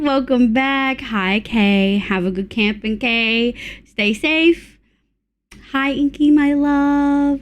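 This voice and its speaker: A woman's voice: sits high, takes it slowly, lo-fi sound. An Australian woman streaming live, greeting her viewers in an affectionate, casual chatty way.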